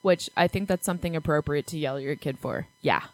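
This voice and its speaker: A blunt woman co-hosting a movie chat who swears freely as she gives her opinions. Her voice sits on the low side. The sound is close and dry, with no room echo. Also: fast talker. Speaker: podcast co-host. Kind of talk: casual movie review chat.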